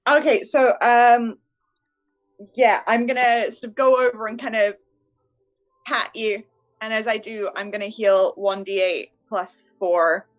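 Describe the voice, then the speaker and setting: A woman's voice: fairly high pitch, fairly even intonation, measured pace, lo-fi sound. Hesitant woman playing a tabletop game. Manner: hesitant, casual. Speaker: player. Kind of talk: casual tabletop play.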